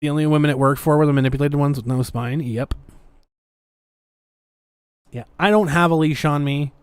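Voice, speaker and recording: A woman's voice: low voice, normal speed, darkish tone, smooth, dry recording, clean studio sound. A woman hosting a podcast, ranting in a sarcastic, defiant way as she comments casually. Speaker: podcast host.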